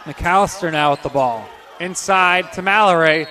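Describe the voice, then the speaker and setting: A man calling live basketball play-by-play, reeling off passes and shots in quick calls and getting louder on the big scores. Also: a little high, a faint crowd. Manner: rapid-fire calls, bursts of excitement on scores. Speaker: play-by-play announcer.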